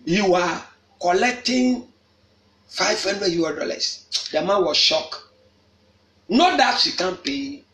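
A man preaching at a prayer meeting, shouting and repeating phrases for emphasis. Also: sits high, animated, slow, pauses often. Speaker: apostle leading a prayer meeting. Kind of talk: fiery preaching. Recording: echoey room.

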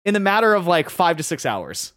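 A man telling a long story in casual chat, animated, acting out his friends' voices and filling his talk with "like" and "right?". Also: sits high, no echo, clean studio sound. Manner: fast, full of "like" and "right?".

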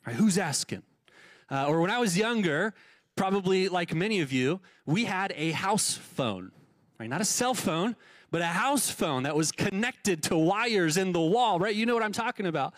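A man's voice: sits high, animated, moderate pace, dry recording. A young adult man preaching to his church, talking conversationally with many repeated words and rhetorical questions. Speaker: pastor. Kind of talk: sermon. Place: church sanctuary.

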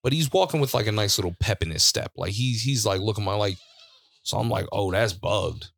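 A man's voice: on the low side, animated, fast talker, vocal fry, a bit bright, dry recording. A man hosting a podcast, telling a long story in a laid-back, profane way and laughing often. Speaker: podcast host. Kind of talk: casual storytelling chat. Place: studio.

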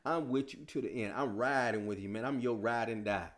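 A man's voice: medium pitch, a little fast, voice pushed down, natural voice. A man preaching and voicing a brash, loyal male disciple who talks in slangy, streetwise speech. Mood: boastful.

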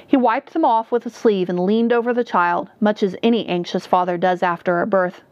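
A woman narrates a dark fantasy tale in a measured, steady storytelling manner. The recording is dull and dry, close with no room echo. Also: mid-range voice. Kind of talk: audiobook narration.

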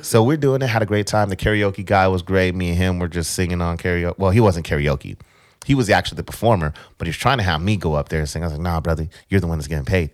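A man's voice: deep voice, fast talker, no echo, studio quality. A man casually telling a rambling travel story, repeating words as he goes.

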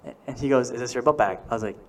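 A young man in a casual chat, rambling through an animated story with lots of fillers. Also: medium pitch, racing, a little hiss or hum. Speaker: friend in group chat.

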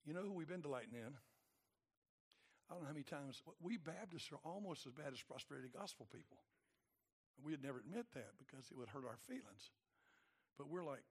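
A man preaching a sermon in a colloquial, emphatic way, moving between quiet asides and loud exhortation. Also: fairly high pitch, animated, a little fast, pauses often, slightly rough.

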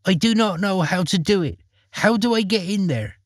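A tearful little girl from a fairy tale, pleading in a high, soft, slightly distant voice, voiced by a man reading aloud. She sounds wide-eyed and innocent. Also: expressive, normal speed, no echo, clean studio sound. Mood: feigned innocence. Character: frightened little girl, tearful but clever. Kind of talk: storybook reading.

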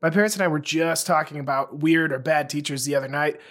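A man's voice: a little high, fast, a bit bright. A man co-hosting a podcast, telling anecdotes in a laid-back way and laughing easily. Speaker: podcast co-host. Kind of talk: casual chat.

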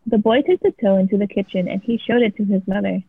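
A woman's voice: medium pitch, steady tone, fast, creaky, husky, dry recording. A woman casually reading a scary story aloud as a podcast co-host. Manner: casual, swears freely. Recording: tinny phone-like sound.

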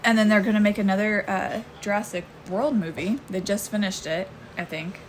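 A woman's voice: mid-range voice, fairly quick, slight background noise, rough recording. A woman who is a mother, chatting casually and rambling through stories with many ums and self-corrections. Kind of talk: casual chat.

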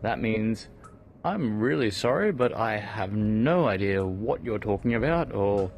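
A man's voice: fairly low pitch, animated, unhurried, creaky, a little mellow, soft background music. A man in his thirties hosting a casual podcast. He rambles through jokes and playful sarcasm while strolling his home garden, keeping his voice down. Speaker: podcast host.

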